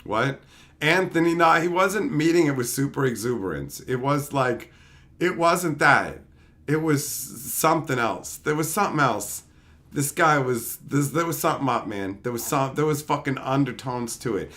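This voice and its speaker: A man's voice: medium pitch, expressive, moderate pace, fairly bright tone. A tired man, short on sleep, telling a rambling story in a casual, profane way, with laughing asides. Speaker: channel host.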